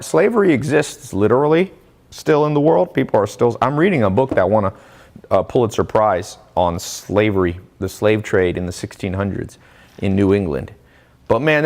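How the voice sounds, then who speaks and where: A man giving a casual, energetic motivational talk about earning money, with sudden rises in pitch on key points and quoted people acted out. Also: gravelly. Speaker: online business coach. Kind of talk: motivational monologue.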